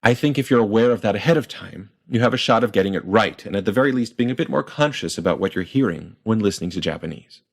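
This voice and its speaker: A man explaining pronunciation in a clear, methodical lesson and sounding out example words. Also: lowish voice, lively intonation, fast, hardly any pauses. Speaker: language teacher.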